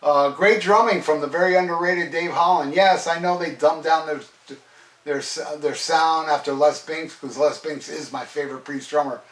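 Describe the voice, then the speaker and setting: Middle-aged male reviewer, excitable and rambling, slightly high voice, mic set back in a roomy space. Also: moderate pace. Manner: enthusiastic, rambling, swears freely. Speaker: metal album reviewer. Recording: roomy echo, distant from mic.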